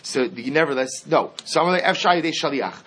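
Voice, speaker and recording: A man giving a Talmud lesson, reading Aramaic lines and explaining them in English with lively emphasis. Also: fairly high pitch, a little fast, husky. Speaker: Talmud teacher. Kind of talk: Talmud class lecture.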